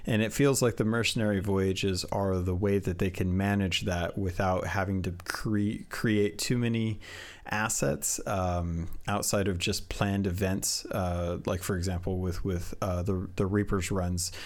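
A man hosting a casual gaming podcast, halting with many restarts as he sets up questions for his co-host. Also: sits low, fairly even intonation.

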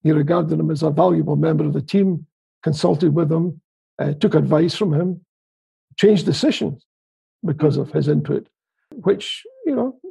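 A man's voice: fairly high pitch, moderate pace, gravelly, mellow, slightly rough. A Scottish man interviewing a guest in a casual political chat, asking wry, teasing questions. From Scotland.

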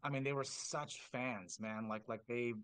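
A man's voice: medium pitch, moderate pace, clean tone, no room sound. A man, a drumline instructor, telling stories casually on a podcast and acting out quoted dialogue with lots of filler words. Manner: animated, acts out quoted dialogue in a raised voice.

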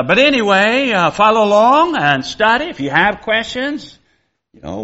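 Folksy high-voiced preacher. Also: male voice, bright, forceful tone. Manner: folksy, conversational teaching with chanted examples. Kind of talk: expository Bible lesson. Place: church. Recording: dull lo-fi sound.

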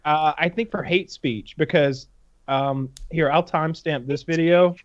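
A man's voice: a little high, measured pace, lo-fi sound. A man chatting casually on a podcast, rambling and restarting, acting out quotes. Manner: rambling, restarts, acts out his own quotes. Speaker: podcast co-host. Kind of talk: casual chat.

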